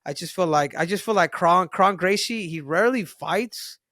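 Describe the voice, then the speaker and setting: Male podcast co-host, loose casual talk, eager and stumbling over his words, slightly high voice. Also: moderate pace, dry recording, studio quality. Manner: excitable, restarts phrases and stammers often. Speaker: podcast co-host, fight analyst.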